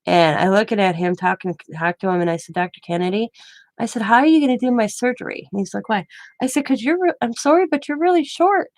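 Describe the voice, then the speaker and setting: A woman's voice: mid-range voice, quick pace, no echo. A woman in her forties telling a personal story in a casual, chatty way, acting out the quoted dialogue. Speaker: craft vlogger.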